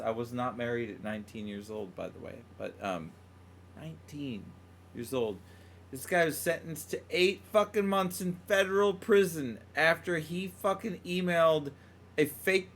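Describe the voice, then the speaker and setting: A man's voice: fairly high pitch, fairly bright tone, a little hiss or hum. A man hosting a podcast, teasing his co-host and swearing freely as he chats and reads out news stories. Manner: profane, teasing. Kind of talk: casual banter.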